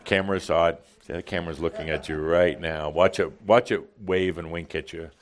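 A man giving a playful, animated channeled talk to a live audience in a hall, often laughing along with them. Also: low-pitched, fairly quick. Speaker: spiritual teacher channeling to an audience.

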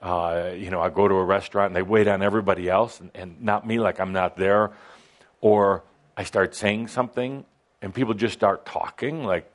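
A man co-hosting a casual spiritual discussion, talking in a relaxed, halting way with many restarts. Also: deep voice. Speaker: co-host discussing channelled teachings.

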